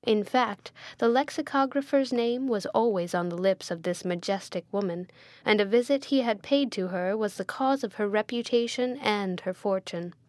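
A woman narrating a classic novel in a measured, formal reading style. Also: medium pitch, dry recording. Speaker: audiobook narrator.

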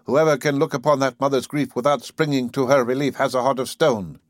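A man voicing a stout, domineering wife with a deep baritone voice. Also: fairly even intonation, a little fast, dry recording, clean studio sound, lightly acted. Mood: commanding.

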